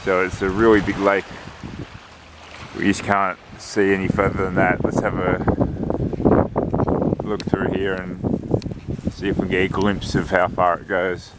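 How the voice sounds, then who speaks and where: A low-voiced man, a travel vlogger who also runs marathons, films himself outdoors on a windy day around a lakeside and hillside town. He narrates his walk in a relaxed, chatty way, thinking aloud, speaking a little slowly with frequent pauses. Wind and traffic noise come through the outdoor recording.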